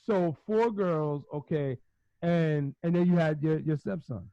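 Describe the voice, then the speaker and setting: Man, middle-aged, high-pitched, animated rambling storyteller, laughs a lot, casual podcast chat, dry and slightly muffled sound. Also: a little slow, no echo. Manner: animated, rambling storyteller who laughs often and acts out quotes. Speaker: podcast co-host.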